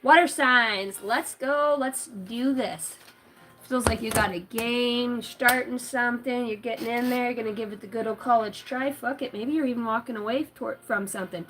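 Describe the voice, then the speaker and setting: A woman who works as a tarot reader and medium, rambling through a casual livestream chat with lively storytelling and frequent swearing. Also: on the high side, brisk, few pauses, over music, poor audio.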